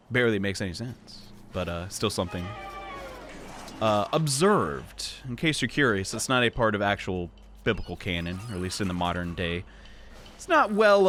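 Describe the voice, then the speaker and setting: A man's voice: on the low side, a bit bright, slight background noise. A young man casually commenting on his gameplay, joking and exclaiming, with rambling asides. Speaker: let's play host.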